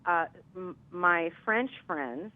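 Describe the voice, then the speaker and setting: A woman from Milwaukee, a singer guesting on a radio interview, telling stories in a lively, chatty way. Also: on the low side, slow, no room sound, phone-quality sound. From Milwaukee, US Midwest.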